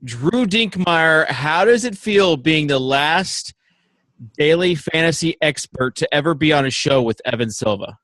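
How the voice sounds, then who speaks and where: A man's voice: fairly high pitch, moderate pace, a bit bright, no room sound. A man with a Southern accent hosting a sports podcast in casual, playful banter over a remote call. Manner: playful, teasing. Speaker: podcast host. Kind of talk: casual chat.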